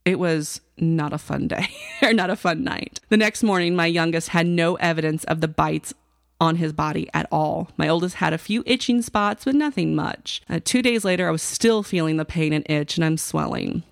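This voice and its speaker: A woman tells a personal story to her listeners in a casual, chatty way. She tosses in fillers and asides as she goes. Her voice sits low with a gravelly fry, and the recording sounds dry and close. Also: moderate pace, no room sound. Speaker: podcast host telling a personal story.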